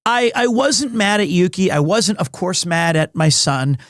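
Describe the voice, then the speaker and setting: A man live-streaming from home, chatting casually with his viewers in a rambling, excitable, self-deprecating way. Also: high-pitched, measured pace, no room sound, clean studio sound.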